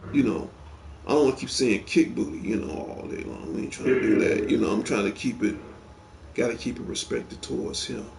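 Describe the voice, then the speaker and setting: A man's voice: lowish voice, expressive, fairly quick, vocal fry, very noisy. A man hosting a casual show, chatting eagerly about movies and rambling with lots of repeated words. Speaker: show host. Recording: echoey room.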